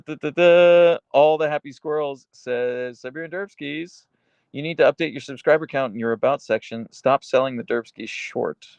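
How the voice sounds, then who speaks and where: A man hosting a live stream, reading chat aloud and answering with dark, deadpan humor and frequent laughs. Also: mid-range voice, vocal fry, no echo, muffled recording. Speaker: livestream host reading chat.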